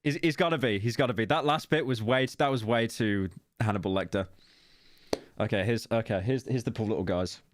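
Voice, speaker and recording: A man's voice: lowish voice, brisk. A young British man streaming, reading posts aloud and reacting with wry, mocking commentary and laughs.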